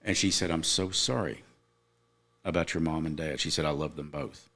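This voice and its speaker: A man's voice: a bass voice, fairly even intonation, moderate pace, fairly bright tone. A middle-aged man, a podcast guest, earnestly telling a personal story in casual chat, with emphatic moments.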